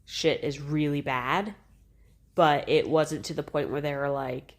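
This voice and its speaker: A woman in her thirties co-hosts a podcast, telling a personal story in a casual, animated way, swearing freely and laughing along. Her voice is deep and measured in pace.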